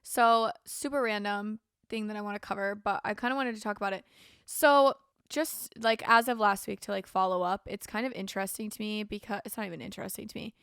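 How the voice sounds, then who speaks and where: A woman's voice: mid-range voice, a little fast, a bit bright, clear, resonant tone, no room sound, studio quality. A young woman hosting a casual solo podcast, tired and yawning with a sore throat, rambling with lots of fillers. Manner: rambling, frequent "like" and "um". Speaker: podcast host.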